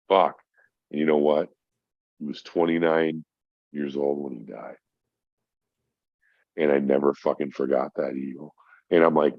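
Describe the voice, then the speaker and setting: A man's voice: rumbling low, fairly even intonation, a little slow, pauses often, dry recording. A middle-aged man from Minnesota, a podcast guest telling a heartfelt story in casual chat, swearing freely. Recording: dull, dry lo-fi sound.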